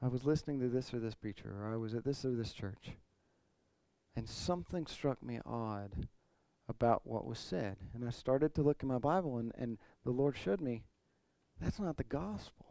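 Man, pastor, earnest expository sermon, mellow tone, emphatic peaks. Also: medium pitch, moderate pace, no room sound. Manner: earnest preaching, rising emphasis, occasional throat clearing.

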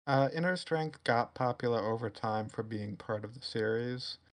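A man's voice: mid-range voice, normal speed. A man guest on a casual podcast, answering questions about his stories in a dry, matter-of-fact way. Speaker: interview guest, story writer.

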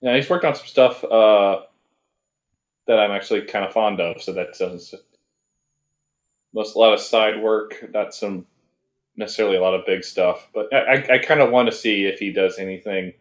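Low-voiced man rambling through an anime review. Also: normal speed, long pauses, roomy sound. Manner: rambling, hesitant with many fillers and restarts. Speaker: podcast co-host. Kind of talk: casual anime review chat.

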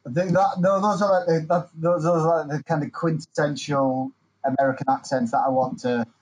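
A man from the UK chatting casually, often pausing and searching for words. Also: a little high, fairly even intonation, darkish tone, husky, low-quality recording. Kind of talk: casual chat.

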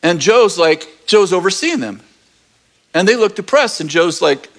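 Animated male preacher with a high voice, telling a story with humor and acted-out voices. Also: measured pace. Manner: animated, acts out voices, jokey asides. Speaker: pastor. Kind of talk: lively storytelling sermon.

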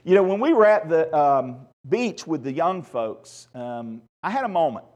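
A male pastor opening his sermon at a church service by telling dad jokes, laughing at his own punchlines and turning soft and tender when he speaks of his late father. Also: fairly high pitch, very animated, moderate pace, highs cut off. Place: church service with a live congregation.

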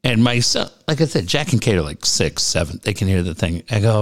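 A man's voice: fairly low pitch, very animated, brisk. A middle-aged man telling a story in casual chat, jumping into the voices of the people he quotes.

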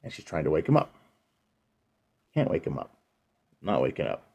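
A man's voice: very deep voice, sing-song, normal speed, gravelly, mellow, breathy edge, dull audio. A man co-hosting a casual podcast, retelling a film's plot and acting out the characters' lines. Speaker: podcast co-host. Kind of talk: casual chat retelling a film.

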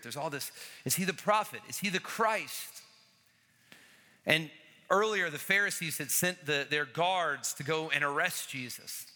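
A man preaching a sermon as pastor, animated and repeating key phrases, acting out the people in the story. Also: on the high side. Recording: large hall with long reverb.

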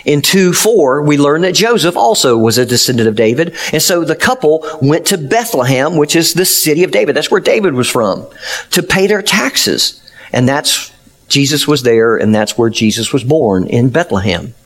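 Pastor guy preaching, kinda higher voice, earnest and emphatic storytelling. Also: big pitch swings, normal speed. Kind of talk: sermon.

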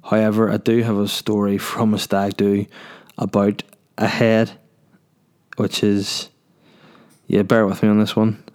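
A man's voice: lowish voice, little pitch movement, unhurried, long pauses, darkish tone. Crude, joking podcast man. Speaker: podcast host. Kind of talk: casual storytelling.

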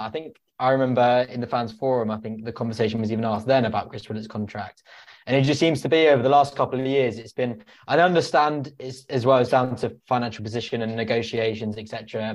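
A man's voice: medium pitch, fast talker. A man co-hosting a podcast, putting an earnest question with several restarts. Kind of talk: podcast interview.

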